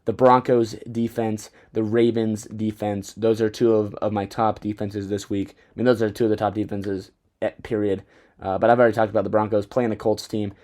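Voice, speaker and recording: A young man hosting a fantasy football podcast, talking in a rambling, excitable way and often stumbling over his words. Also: fairly low pitch, normal speed. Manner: rambling, self-interrupting, excitable. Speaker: podcast host. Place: Bozeman, Montana.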